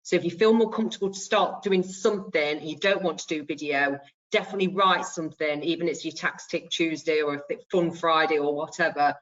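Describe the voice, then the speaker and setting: A woman speaking as an accountant on a webinar panel, chatty and quick to laugh. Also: low-pitched, steady tone, a bit bright, dull audio.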